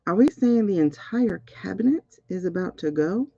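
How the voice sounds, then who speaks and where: A woman hosting a casual spiritual reading, excitable and talking straight to her viewers. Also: medium pitch, moderate pace, creaky, no echo, lo-fi sound. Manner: excitable, keeps repeating "hold on". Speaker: spiritual reader and host. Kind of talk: casual livestream card reading.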